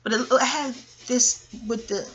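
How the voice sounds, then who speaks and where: Brief: bright-voiced woman in her forties from Queens, rambling and cursing as she digresses. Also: fairly high pitch, measured pace, dull audio. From Queens, New York. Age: 40s. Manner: digressive, profane, laughs loudly. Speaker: channel host. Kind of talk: rambling audio monologue.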